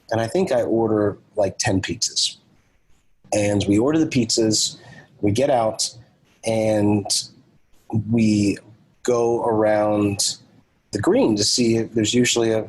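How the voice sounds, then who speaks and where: Male podcast guest, lowish husky voice, animated storyteller who voices the dialogue. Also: low-quality recording.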